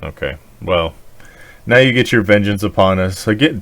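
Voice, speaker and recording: A man's voice: lowish voice, normal speed. A man co-hosting a podcast in casual chat, ranting with lots of swearing and laughter. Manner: profane, animated, laughing rants. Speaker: podcast co-host.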